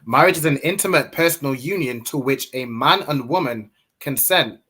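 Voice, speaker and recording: A man with a husky voice reading definitions aloud. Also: medium pitch, expressive, normal speed, pushed and bright. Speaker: scripture reader.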